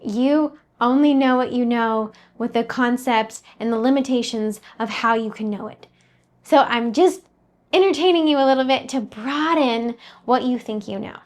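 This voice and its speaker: Earnest, higher-voiced woman coaching. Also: moderate pace. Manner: earnest, conversational, addresses listener directly. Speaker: mindset coach. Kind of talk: motivational talk to camera.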